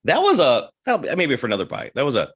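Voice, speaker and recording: His mid-range voice swoops wildly in pitch, fast and fairly bright, with a little hiss or hum in the background. Co-hosting a casual podcast, he tells a crude, rambling story, constantly breaking off and starting over.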